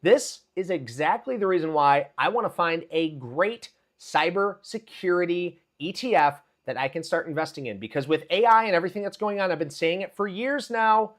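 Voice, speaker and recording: A high-voiced man hosts a live market news stream. He talks in a hyped, chatty way and shouts out viewers by name between headlines. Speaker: livestream market commentator.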